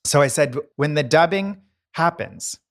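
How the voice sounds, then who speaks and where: A man's voice: a little high, animated, measured pace, gravelly. A middle-aged man co-hosting a podcast, telling stories in a casual, talkative way. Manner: chatty raconteur, playful voice impressions. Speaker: podcast co-host, decorator. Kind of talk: casual chat.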